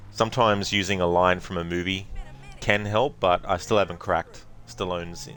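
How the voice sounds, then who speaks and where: A man's voice: deep voice, fairly even intonation, normal speed, a bit bright. A man hosting a let's play, chatting casually over gameplay with rambling, laughing asides.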